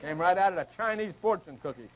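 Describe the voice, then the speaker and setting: A man's voice: high-pitched, animated, fast talker, poor audio. An older man giving an informal, teasing sermon to a small group, acting out people's prayers in a folksy way. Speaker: spiritual teacher.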